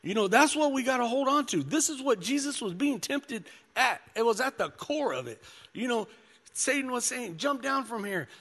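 A man's voice: extremely high pitch, lively intonation, moderate pace, a bit bright. A man preaching a sermon, mixing scripture reading with personal testimony, in an easygoing style full of "you know" and "man.". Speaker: pastor. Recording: long hall reverb.

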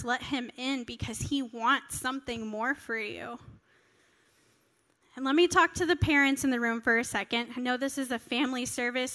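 High bright woman preaching in a reverberant hall. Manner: earnest, conversational, acts out quoted prayers. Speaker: pastor. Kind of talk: sermon. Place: church hall.

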